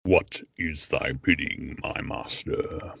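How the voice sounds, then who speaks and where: A man voicing a menacing masked male space villain, deep and breathy, with slow ominous delivery. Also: fairly bright tone, no room sound, full character voice.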